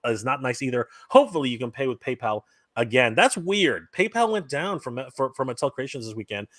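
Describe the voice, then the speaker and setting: A Canadian man hosting a live stream in casual chat, reading out viewer comments and giving upbeat shout-outs. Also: mid-range voice, animated, a little fast, dry recording.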